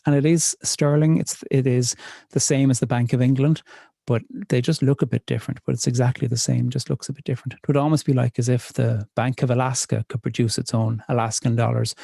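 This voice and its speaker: A man with a Northern Irish accent, a poet reading his poems and telling stories in a slow, measured, reflective way. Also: medium pitch, gravelly, warm tone, no echo. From north of Ireland. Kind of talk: poetry reading and storytelling.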